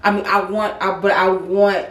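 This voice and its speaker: A woman's voice: medium pitch, level tone, normal speed, noisy background. A woman co-hosting a casual chat show, talking in an earnest, reflective way. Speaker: co-host. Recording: echoey room, mic at a distance.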